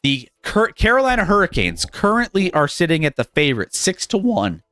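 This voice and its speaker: A man hosting a live sports betting stream in a casual, animated way, chuckling often and restarting his sentences. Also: high-pitched, fairly quick, no echo, studio quality, soft background music. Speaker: sports betting show host.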